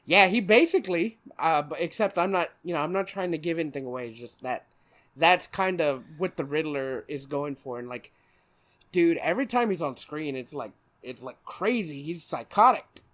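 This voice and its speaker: A young man chats on a podcast, rambling loosely and swearing often. He laughs a lot, and his voice sits a bit high for a man. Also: animated, moderate pace, fairly bright tone. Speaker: podcast host. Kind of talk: casual chat.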